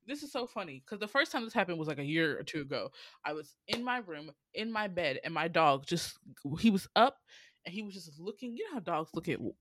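A woman with a Southern drawl hosts a podcast with loose, profane storytelling. Her pitch swings widely, from low asides to high squeals. The sound is close and dry. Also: fairly quick, dry recording. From Georgia, US. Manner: animated, profane, dramatic voice swings. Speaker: podcast host.

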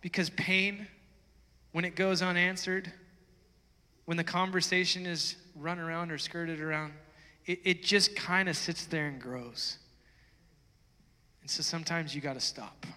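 A male preacher with a bright, ringing voice pitched a little high, delivering a casual, conversational sermon. His words hang in the long reverb of a big hall. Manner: conversational preaching that swells to loud fervent passages. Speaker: pastor.

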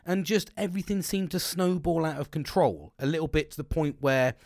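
A man's voice: a little high, brisk, darkish tone, no room sound, studio quality. A middle-aged man hosting a candid solo podcast, talking frankly with lots of swearing and restarts. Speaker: podcast host.

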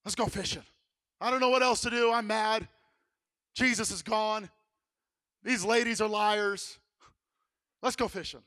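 A high-voiced man acting out a restless male fisherman disciple, who talks bluntly and with growing urgency. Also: steady tone, measured pace, pauses often. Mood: fed up. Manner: blunt and fed up, then urgent and shouting.

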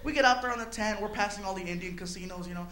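A man telling a stand-up story in an animated way, chuckling through his own lines. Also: high voice, rapid-fire, echoey room, heavy background noise. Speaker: stand-up comedian.

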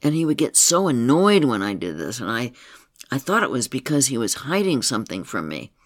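A man's voice: mid-range voice, sing-song, brisk, a bit bright. A man voicing an anxious, demanding woman in therapy, insistent and challenging in tone, in a story he reads aloud. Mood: reflective.

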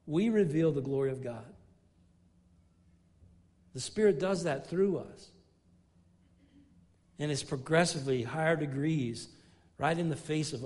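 A middle-aged man preaching a sermon in an earnest way, building emphasis through repeated and restarted phrases and dropping his voice low when telling a story. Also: darkish tone. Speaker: pastor.

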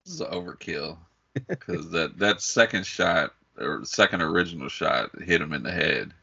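A man's voice: low voice, normal speed, vocal fry, pushed and bright, husky, no room sound. A man co-hosting a podcast, making laid-back side comments in casual movie chat. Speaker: podcast co-host. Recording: dull lo-fi sound.

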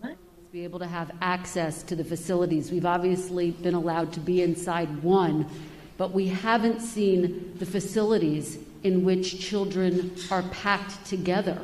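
Woman reporter; dark, mellow tone; pressing follow-ups, hall reverb. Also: fairly low pitch, fairly even intonation, normal speed. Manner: pressing, insistent. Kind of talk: press conference question.

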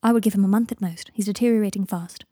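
A woman voicing a brisk magical healer who speaks in a matter-of-fact, blunt way. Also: medium pitch, steady tone, warm tone, no room sound, clean studio sound, lightly acted.

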